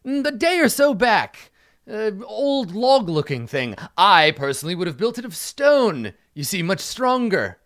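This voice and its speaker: A man's voice: high voice, very animated, measured pace, fairly bright tone, pitched above the performer's own voice, heavily acted. A man voicing a pompous, clueless male knight who talks in stiff, grandiose formal speech.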